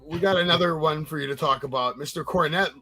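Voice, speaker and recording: A man's voice: fairly high pitch, quick pace, crowd noise. A man hosting a casual podcast, reacting with laughs and swearing and moving on to the next topic. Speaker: podcast host.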